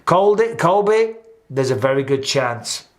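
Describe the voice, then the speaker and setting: Speaking at normal speed in a mid-range voice, this host keeps the casual chat animated, curses freely, and performs other people's quotes.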